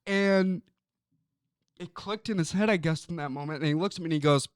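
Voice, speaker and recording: A young man from Illinois hosting a sports talk show, speaking earnestly and haltingly with frequent ums and repeated words. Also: fairly high pitch, smooth, no room sound, studio quality. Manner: earnest and personal. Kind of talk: casual sports talk monologue.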